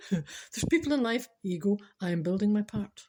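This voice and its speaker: A Scottish woman talks straight to her listeners in a loose, chatty monologue. Her voice is breathy and a little husky, sitting at an ordinary middle pitch. She wanders through little comic stories, circles back on her own words and laughs along as she goes. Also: very animated, normal speed, a little mellow. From Scotland. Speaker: podcast host.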